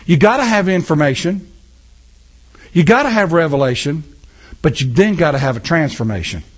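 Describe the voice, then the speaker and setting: Impassioned pastor preaching, lively and high. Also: male voice, moderate pace, husky. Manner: impassioned, talks with the congregation. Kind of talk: sermon. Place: church.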